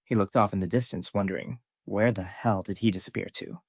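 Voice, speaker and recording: A man in scripted narration, retelling a comic story in an even, matter-of-fact way. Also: lowish voice, fairly quick, no echo, studio quality.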